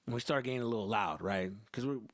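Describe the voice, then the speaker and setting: A young man hosting a podcast, telling a comedic story in a profane, animated, loose way. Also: mid-range voice, racing, no echo, clean studio sound. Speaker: podcast host.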